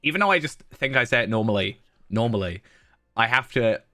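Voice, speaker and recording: A man's voice: mid-range voice, animated, a little fast, bright, forceful tone, dry recording, studio quality. A man from the south of the UK with a southern British accent, chatting casually with his live-stream chat while gaming, rambling and chuckling often. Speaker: game streamer.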